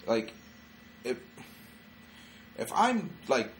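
A man's voice: mid-range voice, big pitch swings, extremely slow, background noise. A middle-aged man, a stand-up comedian and podcast co-host, talking in loose, rambling casual chat, full of filler words.

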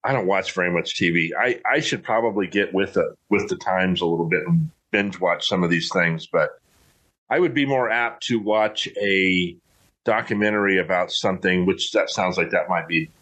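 A middle-aged man with a fairly low voice chats in a loose, folksy way. He rambles and restarts his sentences often. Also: moderate pace, a bit bright. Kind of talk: casual chat.

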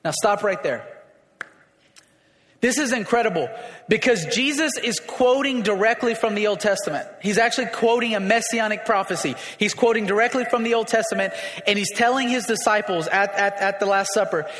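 High, bright-voiced preaching man. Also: normal speed. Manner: emphatic, repeats phrases, calls for congregation response. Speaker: pastor. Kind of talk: sermon. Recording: echoey hall with long reverb.

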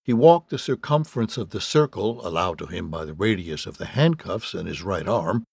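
A man narrating an audiobook with wry, deadpan storytelling and a gravelly, husky voice. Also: low voice, normal speed, no echo, studio quality. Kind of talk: scripted narration.

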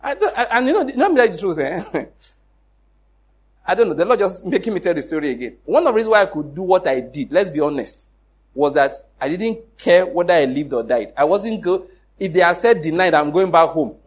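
A middle-aged Nigerian man with a Nigerian accent, telling a personal story in an animated way, acting out the dialogue and laughing often. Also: sits high, fairly quick, breathy edge. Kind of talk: casual storytelling.

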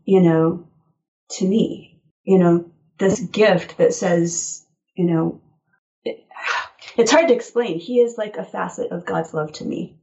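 A woman guest on an interview show, telling personal stories in an animated way and laughing often. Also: lowish voice, takes it slowly, vocal fry, long pauses, dull audio. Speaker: guest author. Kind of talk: casual interview chat.

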